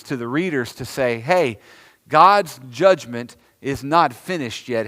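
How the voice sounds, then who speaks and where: Southern American preacher in a reverberant church. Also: male voice, a little high, fairly bright tone. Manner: conversational teaching, drawn-out repeated words for emphasis. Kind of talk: sermon. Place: church sanctuary. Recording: long reverb of a church sanctuary.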